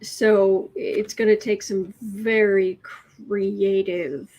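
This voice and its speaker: On a low-quality recording, a woman's mid-pitched, slightly mellow voice stays level as she draws out her words. She's hosting a laid-back livestream, reading tarot and commenting on the news with musing, trailing thoughts, sardonic asides, and occasional whispers.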